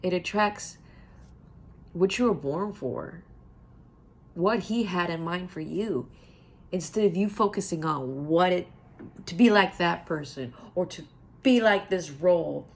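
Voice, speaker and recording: A middle-aged woman speaking in a heartfelt motivational monologue, earnest and repeating phrases for emphasis, sometimes dropping to a soft whisper. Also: fairly low pitch, animated, measured pace, pauses often, breathy edge. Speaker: self-help vlogger.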